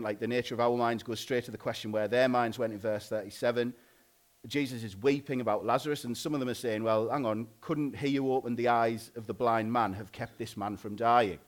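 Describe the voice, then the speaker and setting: A married man preaching a sermon in a loose, conversational way, often pausing and restarting. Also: medium pitch. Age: adult, married. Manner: informal, conversational, frequent "like" and restarts.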